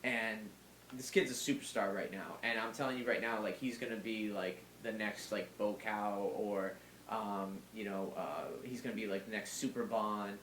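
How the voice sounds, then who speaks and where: A man's voice: on the low side, steady tone, normal speed, fairly bright tone, slight background noise. A man, a Muay Thai fighter and trainer, chatting casually as a podcast guest, rambling along with lots of fillers and some swearing. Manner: rambling, filler-heavy and profane. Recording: roomy echo.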